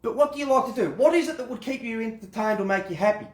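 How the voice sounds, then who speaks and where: A self-defense instructor with an extremely high-pitched voice gives a casual, fast talk on handling conflict, rambling and repeating words as he acts out exchanges. The sound is reverberant.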